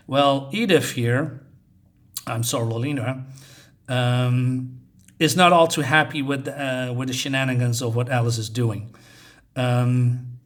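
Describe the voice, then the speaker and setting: A man giving a casual comic book review, talking in a halting, chatty way with many fillers and restarts while recapping the pages. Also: mid-range voice.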